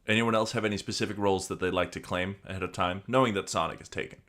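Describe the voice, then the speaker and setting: Deep-voiced deadpan male host. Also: fast. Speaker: podcast host and narrator. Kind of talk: deadpan comedic narration.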